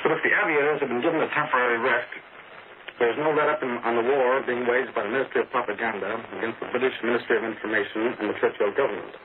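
A male radio correspondent reading a formal news report in a measured way. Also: medium pitch, fairly even intonation, phone-quality sound. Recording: crackly 1940s shortwave radio broadcast.

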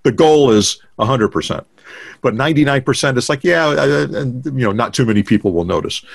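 A man's voice: mid-range voice, lively intonation, brisk, gravelly, no echo. A man in his sixties, a guest drummer, telling stories in a casual interview with many fillers and restarts over a video call. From United States. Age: 60s.

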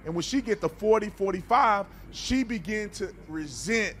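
A man with a slightly high voice gives casual reaction commentary, blunt and preachy, stumbling over repeated words. Faint ambient noise sits behind him. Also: expressive, normal speed, fairly bright tone. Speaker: reaction video host.

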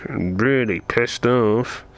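A man's voice: medium pitch, takes it slowly, faint music behind. A man playing a video game who keeps muttering and swearing in frustration as he searches for something. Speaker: gamer playing through a VR game. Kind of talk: angry gameplay commentary.

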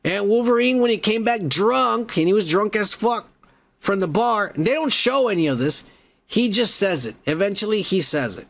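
Podcast host, male, fairly high voice, loose, swearing, rambling recap delivery. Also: moderate pace, creaky. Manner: profane, rambling, excitable. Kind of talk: casual movie recap.

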